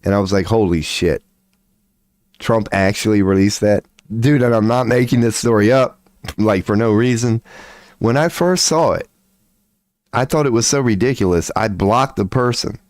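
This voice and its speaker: On his livestream, which doubles as a spot for tarot readings, a man goes on a casual, rambling rant full of profanity at normal speed. His pitch jumps up and down as he gets more worked up, and there's no room sound at all.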